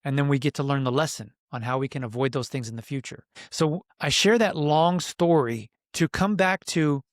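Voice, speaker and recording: A man's voice: mid-range voice, moderate pace, no room sound, studio quality. A middle-aged man, a coach for men, telling a personal story on a podcast in an earnest, reflective way and acting out his own inner voice. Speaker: podcast guest, men's coach.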